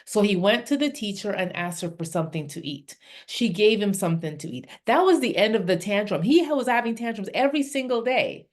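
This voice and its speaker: A woman's voice: mid-range voice, lively intonation, brisk, few pauses. An older woman, a parenting coach hosting a podcast, recounting work experiences in an affirming, conversational way.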